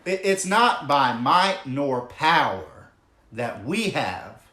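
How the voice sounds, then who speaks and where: Slow, emphatic preacher in an echoey hall. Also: male voice, medium pitch, sing-song, bright, forceful tone. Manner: earnest, emphatic, drawn-out preaching cadence. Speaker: pastor. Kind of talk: sermon. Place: church hall. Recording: echoey room.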